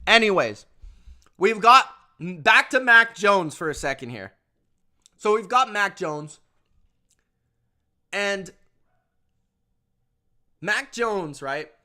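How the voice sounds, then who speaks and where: Hosting a sports review program, a man rants emphatically in a high, bright, forceful voice with lively intonation, going slowly and leaving long pauses. He repeats points often and calls his audience "bro" throughout this casual opinion piece.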